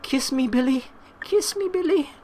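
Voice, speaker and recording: A man putting on the voice of a tearful, hurt teenage girl in high, slow falsetto while reading chat messages in a story game. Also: animated, mellow, a little hiss or hum. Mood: teasing.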